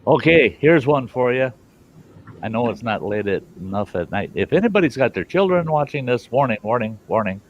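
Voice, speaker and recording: A man's voice: mid-range voice, expressive, a little fast, muffled recording, a little hiss or hum. A man hosting his own show, telling jokes in a folksy, rambling way and laughing at his own punchlines. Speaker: host. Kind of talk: casual joke telling.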